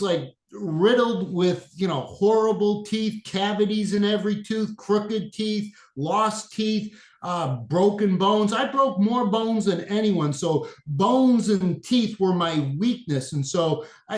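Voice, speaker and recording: Man, fifties, Boston accent, high voice, echoey room, earnest guest. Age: 50s. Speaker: guest, functional medicine practitioner. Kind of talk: interview conversation.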